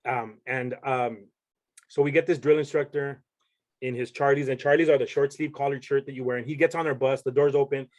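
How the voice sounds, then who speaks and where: A man's voice: medium pitch, fairly even intonation, a little fast, a little mellow. A young man, a podcast guest, telling a story in casual chat and rambling with many restarts.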